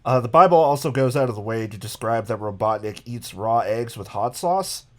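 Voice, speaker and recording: A man's voice: mid-range voice, lively intonation, moderate pace, a little mellow. A man co-hosting a casual podcast, explaining odd details with dry amusement. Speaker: podcast co-host presenting research.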